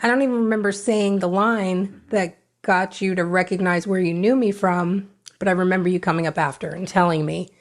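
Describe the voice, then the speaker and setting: A woman's voice: fairly low pitch, fairly even intonation, a little fast. Candid middle-aged woman telling her recovery story. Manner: frank, emotional, re-enacts her own past words. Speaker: podcast guest.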